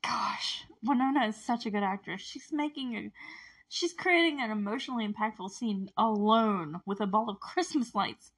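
A woman's voice: on the high side, moderate pace. A woman giving a casual, chatty recap of a TV episode, gushing and rambling with fillers and frequent laughter.

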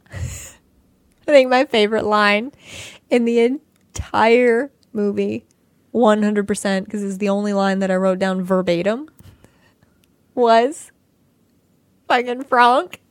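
A young woman co-hosting a podcast, ranting in casual chat with animated sarcasm and frequent swearing. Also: medium pitch, slow, pauses often, no room sound. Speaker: podcast co-host.

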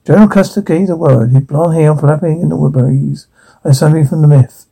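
A man voicing a swaggering male frontier showman with quick, theatrical patter. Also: fairly high pitch, vocal fry, mellow, breathy edge, rough recording. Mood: boastful.

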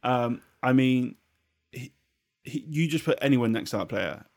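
A young man co-hosting a podcast, thinking out loud about football, restarting his sentences and swearing casually. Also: medium pitch, measured pace, vocal fry. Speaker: podcast co-host.

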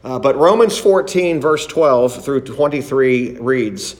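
A man preaching a sermon and reading scripture, slow and deliberate, stressing single words and asking rhetorical questions. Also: medium pitch, animated.

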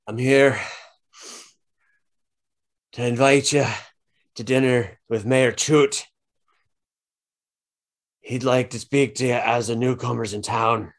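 A man voicing a thick-set, gruff male town sheriff who talks bluntly and crudely and is short of breath. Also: medium pitch, fairly even intonation, takes it slowly, long pauses. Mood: formal.

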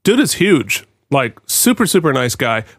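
Lively jokey man with a Boston accent. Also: medium pitch, normal speed, breathy edge, no echo, studio quality. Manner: animated, jokey, laughs easily. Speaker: podcast co-host. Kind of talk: casual podcast chat.

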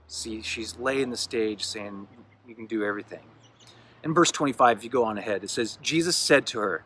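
Male pastor, casual sermon delivery, bright tone, slightly low pitch. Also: moderate pace, slightly rough. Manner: conversational, with filler words and restarts. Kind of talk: sermon reading scripture.

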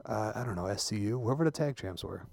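A man's voice: on the low side, animated, fast, gravelly, a little mellow, no room sound, clean studio sound. A young man co-hosting a casual sports podcast, blunt and sarcastic, swearing freely. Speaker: podcast co-host.

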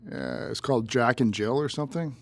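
A man's voice: mid-range voice, a little fast, gravelly, dry recording. A man co-hosting a podcast in casual banter, blunt and grumpy, swearing often. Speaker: podcast co-host.

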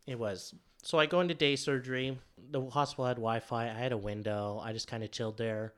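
A man's voice: medium pitch, steady tone, brisk, fairly bright tone. A man telling a story in a casual chat, rambling with many fillers and acting out what others said. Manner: rambling, filler-heavy, acts out quotes.

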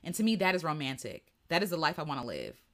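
A woman with a lowish voice talks in a casual, earnest way, full of fillers and restarts. Her pitch swings widely as she reflects aloud on her own life. She is hosting a creative retreat livestream. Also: sing-song, fast, fairly bright tone.

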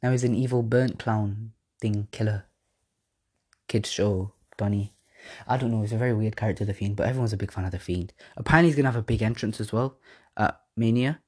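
A man's voice: on the low side, a little fast, darkish tone, breathy edge. A man hosting a podcast, rambling through casual chat with slang, swearing and self-mocking laughs. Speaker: podcast host. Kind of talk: casual wrestling predictions chat.

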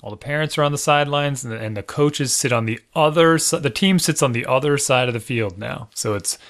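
A man in his thirties co-hosting a podcast, chatting casually. He rambles, restarts often and pokes fun at himself, at a middle pitch. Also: fairly quick, fairly bright tone. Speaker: podcast co-host. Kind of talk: casual chat.

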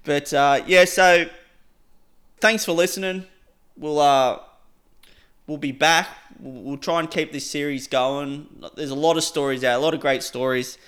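A man's voice: a little high, measured pace, fairly bright tone. A young man casually telling a story on a podcast, rambling with lots of "like" and frequent laughs.

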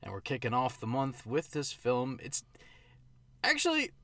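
A man with a mid-range voice co-hosts a podcast at normal speed, recorded without echo. The chat is casual and meandering, and he often corrects himself mid-thought.

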